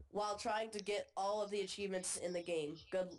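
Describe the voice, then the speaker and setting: A woman's voice: medium pitch, fairly even intonation, moderate pace. A young woman co-playing a video game, chatting casually and a little hesitant, giggling now and then. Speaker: co-player. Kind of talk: casual gaming chat.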